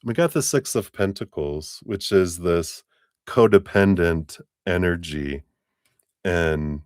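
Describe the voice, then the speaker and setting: A man's voice: sits low, slow, darkish tone, no echo, clean studio sound. A man giving a live tarot reading, rambling and chatty, often laughing at himself. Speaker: tarot reader.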